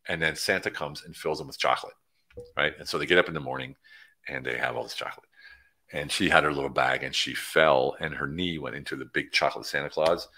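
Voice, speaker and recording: Deep, bright-toned, excitable middle-aged man. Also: slightly rough. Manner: excitable, rambling, hypes his program, jumps between topics. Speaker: coach hosting a livestream. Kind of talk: casual livestream chat, reading out viewer comments.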